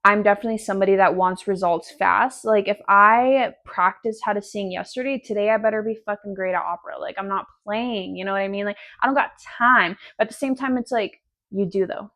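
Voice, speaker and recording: A woman's voice: medium pitch, a little fast, a bit bright. A woman in her twenties hosting a casual solo podcast from home, sassy, profane and rambling. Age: 20s. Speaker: podcast host.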